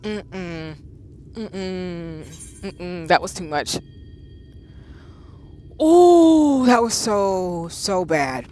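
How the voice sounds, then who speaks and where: A woman in her thirties streaming a game live, reacting with loud exclamations and chatting with her viewers. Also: on the low side, animated, drawn-out words, long pauses, soft background music. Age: 30s.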